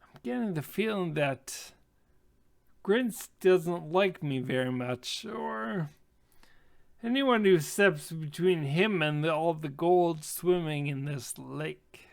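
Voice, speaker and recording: A man's voice: on the high side, takes it slowly, gravelly, a bit bright, heavily acted. A man voicing an earnest young female half-elf naturalist in a tabletop game, speaking up with indignation. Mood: sheepish.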